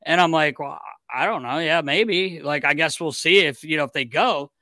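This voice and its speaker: A man hosting a podcast, telling a locker-room story in an animated, casual way with restarts and swearing. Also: a little high, normal speed, dry recording, studio quality. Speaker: podcast host and former hockey player.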